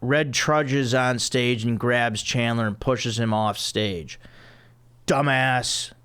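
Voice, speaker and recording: A man hosting a podcast, reading the stage directions of a comic script in a deadpan way. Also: medium pitch, takes it slowly, clean tone. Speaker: podcast host.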